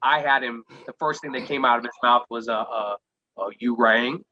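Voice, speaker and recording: Hesitant man with a bright, dull-sounding voice. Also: medium pitch, a little fast, dry recording. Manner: hesitant, full of fillers and restarts. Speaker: guest game master. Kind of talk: casual podcast chat.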